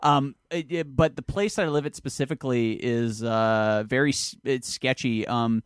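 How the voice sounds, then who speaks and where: A man's voice: mid-range voice, moderate pace, clear, resonant tone, no echo, clean studio sound. A man with a Canadian accent, a comedian guest telling a rambling story and laughing as he goes. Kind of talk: casual comedy chat.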